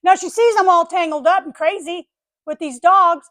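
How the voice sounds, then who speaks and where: An older woman chatting casually on her vlog, telling a story in an animated way and acting out the voices of the people and animals in it. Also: very high voice, moderate pace, dry recording. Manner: animated, acts out voices of dogs and neighbors. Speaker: vlogger.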